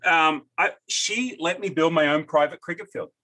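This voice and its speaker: An Australian man in his fifties talks as a podcast guest, spinning lively, earnest anecdotes in a relaxed conversational way. His voice sits high for a man and has a bright, ringing edge. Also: moderate pace. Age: 50s. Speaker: guest, business owner. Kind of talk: casual conversational storytelling.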